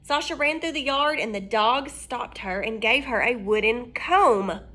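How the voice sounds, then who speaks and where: A woman reading a children's storybook aloud, expressive and asking her listeners questions. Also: a little high, measured pace.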